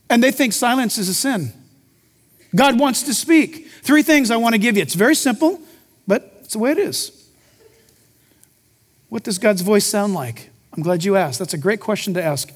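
A male pastor preaching in a very high, excitable voice that swings between booming and hushed. The sound carries a long hall reverb, as in a large church. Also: normal speed. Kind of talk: sermon.

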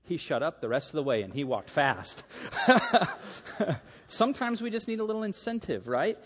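A middle-aged male pastor delivers a sermon with a lively, swooping delivery, sitting a touch above a typical man's pitch. He tells stories animatedly, acting out the people in them. His voice trails off into the long reverb of a church hall. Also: a little fast. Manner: animated storytelling, acting out quotes.

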